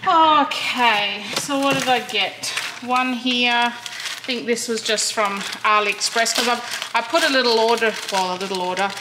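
Outdoors at home with her horse and later inside, an Australian woman vlogs in a relaxed way, chatting and laughingly telling the horse off. She sounds a little high and a little slow against a noisy background.

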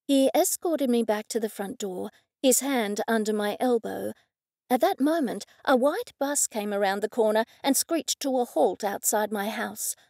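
Gravelly-voiced woman narrating an audiobook. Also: on the high side, moderate pace, a little mellow, no room sound, studio quality. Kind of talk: scripted first-person audiobook narration.

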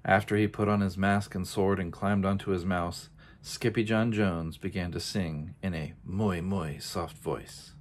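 A man reading a children's picture book aloud in an expressive, unhurried storytelling manner. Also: deep voice. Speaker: storybook reader.

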